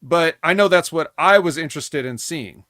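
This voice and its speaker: A man with a slightly high voice muses aloud, hedging his points and restarting sentences as he thinks. The sound is dry and close. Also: moderate pace, fairly bright tone, no room sound. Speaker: podcast panelist. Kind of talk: casual chat.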